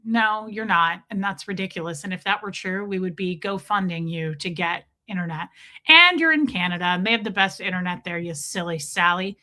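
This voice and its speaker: A woman hosting a livestream, telling a story in a chatty, animated way while greeting her chat. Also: lowish voice, a little fast. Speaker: livestream host.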